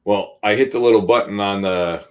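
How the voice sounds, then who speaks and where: A man in his forties, co-hosting a podcast, telling an animated, laughing personal story in casual chat. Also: on the low side, fairly quick. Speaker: podcast co-host.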